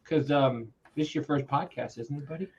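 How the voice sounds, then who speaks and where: A man's voice: on the high side, fairly quick, breathy edge, lo-fi sound. A man from the New York metro area co-hosting a casual podcast chat, joking and laughing often. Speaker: podcast co-host.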